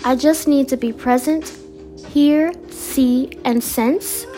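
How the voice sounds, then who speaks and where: Soft music plays as a vlogger with a high, warm voice and fairly even intonation reads affirmation cards slowly and deliberately. She chats casually in a laid-back way, often laughing and throwing in slang.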